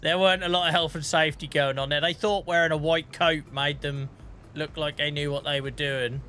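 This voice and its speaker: A man's voice: fairly high pitch, fairly even intonation, brisk, sharp tone, clean tone. A man in his thirties streaming a farming game, telling stories in a chatty way with swearing and laughter. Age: 30s. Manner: chatty, swears and laughs a lot while storytelling. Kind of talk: casual gameplay chat.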